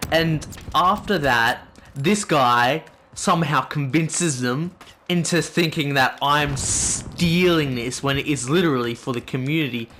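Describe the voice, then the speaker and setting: A teenage gaming channel host tells a rambling, swear-filled story over gameplay, casual and animated, with game gunfire going off in the background. His voice sits fairly high and moves a little slowly, with a faint hiss or hum on the recording.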